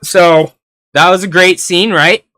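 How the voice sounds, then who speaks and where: A man's voice: high-pitched, steady tone, a little slow, sharp tone, dry recording, studio quality. A young man reviewing an anime episode in a rambling, casual way, laughing often and swearing now and then.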